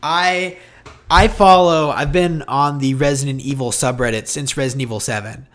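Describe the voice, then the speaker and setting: Excitable young man chatting about games. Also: mid-range voice, normal speed. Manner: excitable, rambling with fillers. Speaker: podcast co-host. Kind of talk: casual chat about video games.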